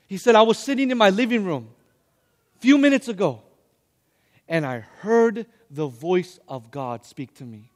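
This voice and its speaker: Young guy preaching, high voice, keeps asking the crowd to talk back, big echoey hall. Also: normal speed, pauses often. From Hispanic background. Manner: animated, calls on the audience to respond. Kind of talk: sermon. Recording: long hall reverb.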